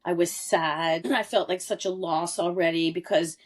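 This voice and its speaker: A woman's voice: lowish voice, fairly even intonation, moderate pace. A woman in her forties, a podcast guest telling a personal family story in an earnest, candid and emphatic way. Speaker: interview guest. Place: lived abroad in Europe.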